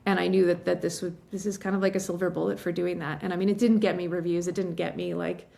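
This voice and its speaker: A woman from western Massachusetts, a novelist guest telling a story in a chatty interview, full of fillers and quick laughs, a little teary. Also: lowish voice, level tone, creaky, mellow. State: emotional, teary.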